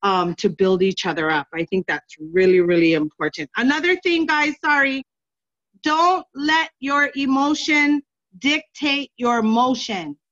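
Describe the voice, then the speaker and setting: A woman sharing on a team video call, earnest and encouraging, with halting restarts. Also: high voice, a bit bright, highs cut off.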